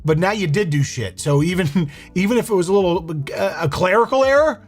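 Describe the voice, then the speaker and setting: A man's voice: sits high, expressive, brisk. A young man giving amused, wry commentary on a video clip, laughing now and then. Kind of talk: casual reaction commentary.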